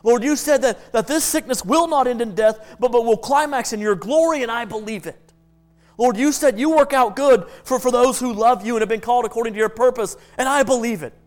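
Fervent believer in a hospital bed, emphatic and high-pitched, as a preacher puts him on. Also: male voice, brisk, soft background music. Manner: fervent, emphatic, repeats phrases. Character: adult hospital patient with cancer, fervent and steadfast believer.

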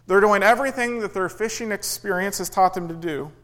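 A man's voice: high-pitched, fairly quick, fairly bright tone, rough recording. A man preaching a sermon in an earnest way, rising and falling for emphasis and acting out quoted pleas. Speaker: pastor.

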